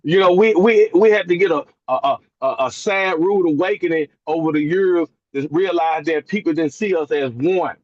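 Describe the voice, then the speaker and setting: A man's voice: on the high side, moderate pace, few pauses, a little mellow, no echo, dull audio. A man calling in from inside his truck, talking earnestly and often stammering and repeating words. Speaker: call participant. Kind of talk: casual call-in talk. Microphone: online call.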